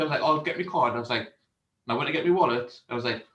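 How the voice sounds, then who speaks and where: Mid-range and quick, this man's voice is recorded roughly in a roomy space. Co-hosting a casual beer review show, he tells a story with animation, swearing freely and laughing often.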